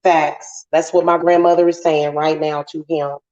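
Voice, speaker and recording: Woman, casual livestream chat, blunt and cursing, lowish voice, roomy slightly dull sound. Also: level tone, moderate pace, darkish tone. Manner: profane, blunt venting to viewers. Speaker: witch livestream host.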